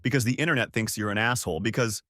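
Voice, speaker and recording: A man's voice: fairly low pitch, very fast, bright, forceful tone, dry recording, studio quality. A man voicing an angry, defensive young wife who snaps back in a heated argument. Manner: exasperated, snapping back.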